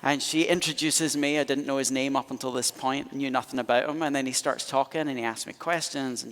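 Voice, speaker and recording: A man's voice: medium pitch, steady tone, a little fast, few pauses, fairly bright tone. A man in his thirties with a Scottish accent, preaching with chatty, self-mocking stories full of fillers and restarts. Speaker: pastor. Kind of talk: sermon storytelling. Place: church hall. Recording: long reverb of a church hall.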